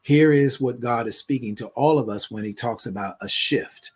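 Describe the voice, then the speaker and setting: A man who is a prophetic minister delivers a prophetic word and prayer, repeating phrases and building to loud, emphatic declarations. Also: mid-range voice, a little fast, husky.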